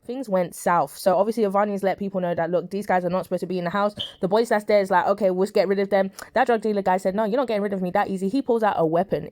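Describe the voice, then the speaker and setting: Brief: woman soap reviewer, quick chatty delivery, talks straight at the characters, dry close sound. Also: mid-range voice, steady tone, darkish tone, no room sound. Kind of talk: casual recap and commentary.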